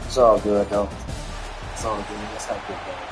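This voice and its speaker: A man streaming a football video game, talking casually and profanely to his chat, swinging between loud outbursts and low muttering. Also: fairly even intonation, normal speed. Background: game music.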